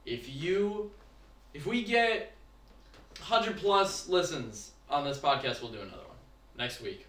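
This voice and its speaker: A man's voice: fairly high pitch, very animated, measured pace, fairly bright tone. A young man co-hosting a casual podcast chat in a laid-back manner, swearing casually. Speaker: podcast co-host. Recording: echoey room, far from mic, faint noise.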